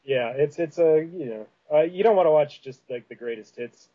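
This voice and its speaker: A man's voice: fairly high pitch, animated, moderate pace, lo-fi sound. Man with a Canadian Prairies accent. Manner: rambling, many fillers and restarts. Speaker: podcast host. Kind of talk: casual chat.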